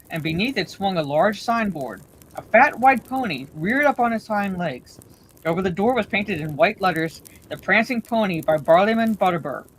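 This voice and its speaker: A woman's voice: medium pitch, rough recording. Woman reading a bedtime story, faint hiss.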